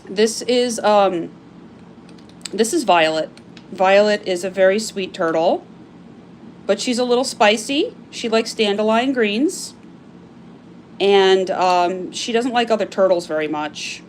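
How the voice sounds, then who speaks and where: A woman's voice: medium pitch, slight background noise. A woman hosting a casual live-stream sale, chatty and gushing as she shows off items, with frequent fillers. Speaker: live-stream seller of crystal carvings.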